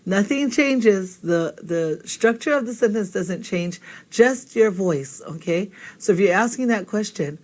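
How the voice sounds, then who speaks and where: A woman teacher talks a learner through a spoken lesson. She speaks at a mid pitch, patient and encouraging, and keeps checking in with a quick "okay?". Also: animated, darkish tone. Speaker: language teacher.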